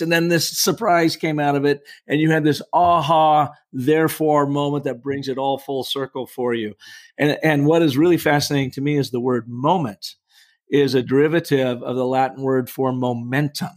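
A middle-aged man, a storytelling coach, talking in a podcast interview with an emphatic, persuasive coaching tone. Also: mid-range voice.

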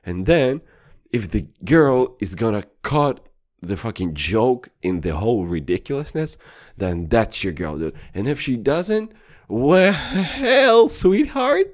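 A man's voice: lowish voice, sing-song, unhurried, a little mellow. Podcast guy ranting crude and boastful, swears a lot, voice swings up and down. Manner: crude, profane, rambling and boastful. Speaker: podcast host. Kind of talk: comedic podcast rant.

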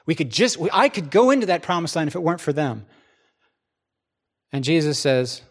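A man preaching a sermon in a church, his voice sitting a little high for a man. He talks to the congregation like a conversation, asks them questions and acts out the people in his stories. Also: expressive, normal speed.

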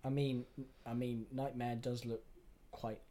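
Relaxed man reading out notes. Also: medium pitch, unhurried. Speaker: podcast co-host. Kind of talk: casual chat.

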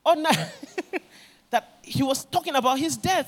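Unhurried and very high-voiced, this man tells sermon stories with animation, acting out what the people in them say.

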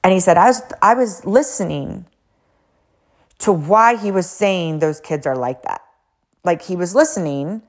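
A woman hosting a podcast, telling a story in a blunt, animated way with frequent fillers, casual swearing and acted-out quotes. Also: low voice. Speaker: podcast host and coach.

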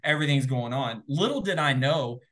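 A man guest telling an excitable, animated story in a casual interview, full of fillers and quick asides. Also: mid-range voice. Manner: excitable, animated, rapid filler-heavy retelling. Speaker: guest, former game show contestant.

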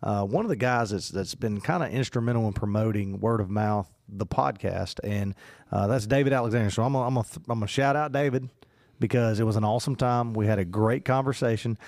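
A man talks through a casual podcast chat, circling his point with plenty of fillers and restarts. His voice sits a little low, and it is recorded close and dry in a small studio. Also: fast, a little mellow, no echo. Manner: rambling, many fillers and restarts. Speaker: podcast co-host.

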